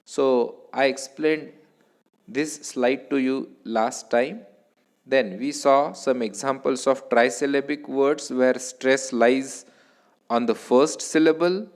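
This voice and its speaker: Slow, deliberate male lecturer with Indian accent. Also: mid-range voice. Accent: Indian English. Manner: slow, deliberate teaching with repetitions. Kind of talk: recorded lecture.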